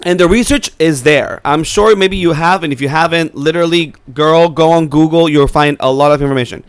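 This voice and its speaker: A man co-hosting a podcast in casual chat, talking fast and loose with lots of "like" and swearing as he gives advice. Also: on the high side, clear, resonant tone. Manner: chatty, profane, giving advice with lots of "like". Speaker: podcast co-host. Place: New York City.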